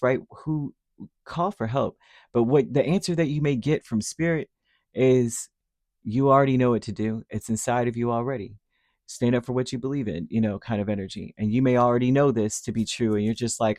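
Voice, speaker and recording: Man, mid-pitched voice, chatty tarot reading, rambling, dry close sound. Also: normal speed, darkish tone, no room sound. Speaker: tarot reader. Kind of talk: casual spoken tarot reading.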